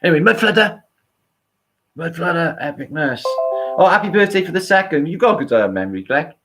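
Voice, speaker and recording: A man's voice: fairly high pitch, sing-song, brisk, music in the background. A man with a British accent hosting a casual livestream, rambling, swearing and thanking viewers by name. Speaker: livestream host. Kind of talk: casual live-stream chat.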